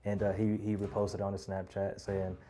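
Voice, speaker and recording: A man in his thirties speaking in a relaxed way with many fillers in an interview. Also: lowish voice, moderate pace. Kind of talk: casual interview.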